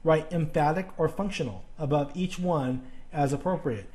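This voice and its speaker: A man's voice: a little high, normal speed, a little mellow. A man teaching a grammar lesson on video, explaining patiently step by step and often checking in with "okay?".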